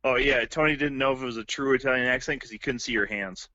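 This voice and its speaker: A man's voice: mid-range voice, fast talker, bright, forceful tone, no room sound. A man calling in to a live show over the phone, answering with wry, sarcastic, swearing banter. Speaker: caller on the show. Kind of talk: casual crude banter. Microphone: phone line. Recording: muffled phone-line audio.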